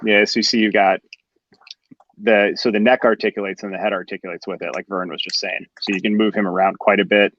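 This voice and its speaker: A man's voice: on the low side, flat delivery, brisk, fairly bright tone, highs cut off. A man hosting a live show in casual chat, enthusiastic and reading out viewer comments. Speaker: host of a live collectors' show.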